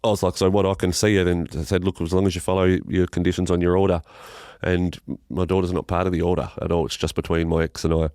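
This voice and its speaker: An Australian man telling a painful personal story as a podcast guest, halting and emotional, swearing and restarting his sentences. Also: sits low, level tone, darkish tone, no echo, studio quality.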